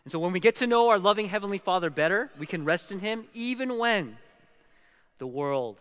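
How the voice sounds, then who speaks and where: A man's voice: high voice, lively intonation, a little fast, a bit bright, clean tone. Man preaching in a reverberant hall. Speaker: pastor. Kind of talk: sermon.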